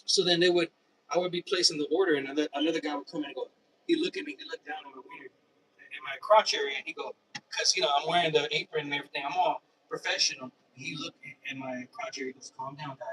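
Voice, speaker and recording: Man, bright tense voice, rambling monologue, repeats himself, distant mic, faint background noise. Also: fairly high pitch, fast. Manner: rambling, repetitive, many restarts. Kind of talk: casual personal monologue.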